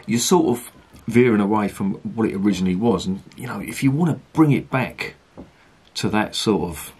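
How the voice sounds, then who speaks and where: Deep husky bloke. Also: male voice, moderate pace, a little mellow. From Britain. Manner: chatty, ranting, swears casually. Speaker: beer reviewer. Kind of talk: casual review monologue.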